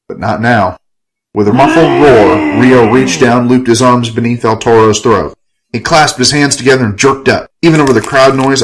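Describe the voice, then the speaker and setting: A man's voice: medium pitch, a little hiss or hum, poor audio. A man narrating a gritty first-person story in a wry, profane, hard-boiled tone.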